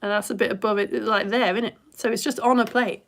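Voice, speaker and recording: A British woman in her thirties teaching a live science lesson for children, chatty, excitable and quick to laugh at herself. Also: medium pitch. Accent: British English. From United Kingdom. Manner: chatty, excitable, self-mocking.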